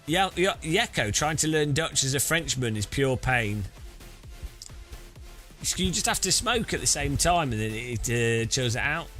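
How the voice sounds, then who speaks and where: A man chats casually on a sim-racing live stream, joking and rambling as he reads chat aloud. His voice is bright and animated, with a lively, bouncing pitch. Faint music plays behind him. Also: measured pace.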